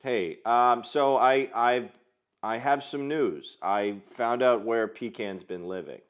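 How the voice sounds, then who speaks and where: A man's voice: medium pitch, smooth, lightly acted. A man playing a hesitant filmmaker. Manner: hesitant, halting.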